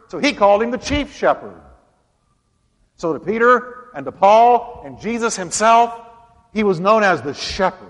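A male pastor preaching a sermon with dramatic emphasis, repeating phrases and slowing down on key words. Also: high voice, animated, fairly bright tone, big-room sound. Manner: dramatic preaching with emphatic repetition and slowed punch lines.

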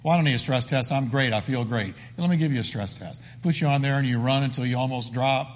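A man's voice: medium pitch, fast talker, long reverb tail. A man preaching a sermon as the pastor, emphatic and full of repeated phrases.

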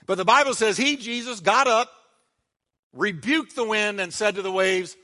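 Bright-voiced preaching pastor in a reverberant hall. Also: male voice, high-pitched, moderate pace. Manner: dramatic preaching, dropping to a hush on quiet words; leads the congregation in call-and-response. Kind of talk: sermon.

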